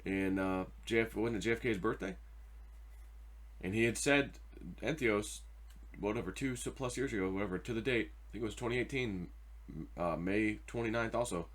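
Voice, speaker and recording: A man hosts his own commentary video at a moderate pace, excitable and mocking. He swings from loud, repeated outbursts down to a low mutter.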